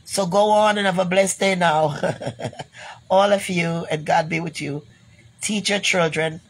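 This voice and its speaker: A woman's voice: lowish voice, fairly even intonation, a little slow. A Jamaican woman ranting bluntly to her viewers, swearing and repeating herself, then closing with blessings. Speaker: vlogger. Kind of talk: profane rambling rant to camera.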